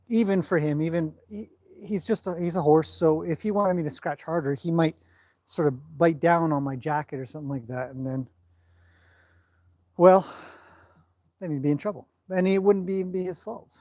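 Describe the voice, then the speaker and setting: A man's voice: on the high side, moderate pace, pauses often, darkish tone, no echo. A man who trains horses, chatting casually through a livestream, rambling and breaking off to talk to his horse.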